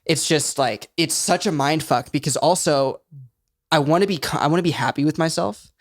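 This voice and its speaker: A man's voice: on the high side, moderate pace, no room sound, studio quality. A young man as a podcast guest, speaking in an earnest, reflective, loose way. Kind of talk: casual podcast conversation.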